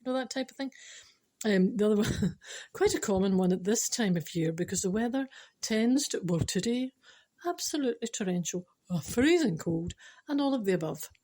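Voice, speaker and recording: A woman's voice: mid-range voice, lively intonation, normal speed, mellow. A middle-aged Scottish woman hosting her spiritual podcast, chatting playfully and mocking herself, sometimes dropping into whispered asides. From Scotland. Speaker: podcast host.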